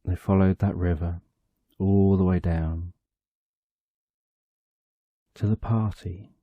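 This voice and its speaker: A man narrating a bedtime story for sleep, calm and drawn out, in short phrases with long pauses. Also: sits low, no room sound, narrow, tinny audio.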